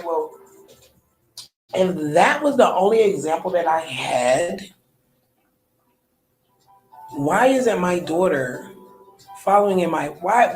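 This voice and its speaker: A woman's voice: on the low side, roomy sound, rough recording. A woman in her thirties, a podcast host, talking candidly in a personal monologue, colloquial, often trailing off and restarting. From United States.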